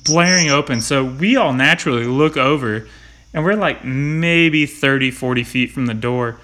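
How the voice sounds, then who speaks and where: A man's voice: mid-range voice, moderate pace, pushed and bright. A man in his thirties hosting a casual chat, telling a story with plenty of swearing and laughter. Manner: swears a lot, tells stories with laughs. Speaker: podcast host.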